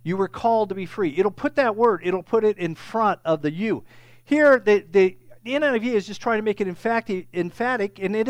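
A man's voice: high-pitched, fairly quick, no echo. A man preaching a sermon, teaching in a conversational way with frequent "okay?" check-ins, and growing emphatic and raised when he stresses a point. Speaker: pastor.

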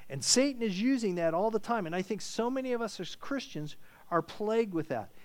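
A man preaching a sermon in an earnest way, often repeating words as he searches for them. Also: high voice.

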